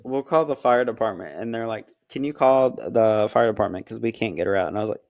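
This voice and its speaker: A man chatting casually and telling an animated story about his cat, acting out the lines of the people in it. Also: fairly low pitch, fairly quick, no room sound. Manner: animated storytelling with quoted dialogue. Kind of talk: casual chat, pet story.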